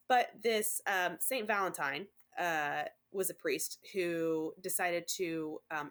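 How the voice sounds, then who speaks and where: A woman's voice: low-pitched, fairly bright tone. Chatty woman podcaster reading notes. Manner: chatty, reads notes with many ums. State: dry throat. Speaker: podcast co-host. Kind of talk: casual chat.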